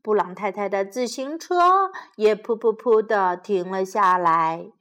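A woman teacher reading a children's storybook aloud in English and then retelling it, slow, clear and expressive. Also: medium pitch. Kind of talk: bilingual storybook read-aloud for kids.

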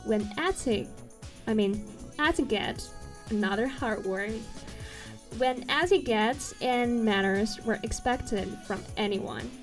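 Female explainer narrator, earnest and slightly halting, higher register, light music bed. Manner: earnest, occasionally stumbles and corrects herself. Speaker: video presenter.

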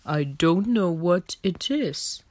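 A woman voicing a little male bear in a storybook reading, quiet and gentle, speaking slowly and plainly. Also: fairly low pitch, lively intonation. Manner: slow, quiet, plain speech.

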